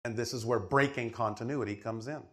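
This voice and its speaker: A man's voice: mid-range voice, fairly even intonation, fairly quick. Emphatic man teaching a questioner. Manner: emphatic, didactic, often checks that he is understood. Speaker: spiritual speaker answering a questioner. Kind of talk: channeled spiritual teaching session.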